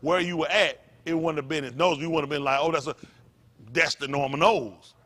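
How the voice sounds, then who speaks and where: Man preaching, bright voice, fairly high pitch, emphatic. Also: steady tone, a little fast. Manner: preachy, repetitive, rising to loud emphatic peaks. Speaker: pastor. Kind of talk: sermon.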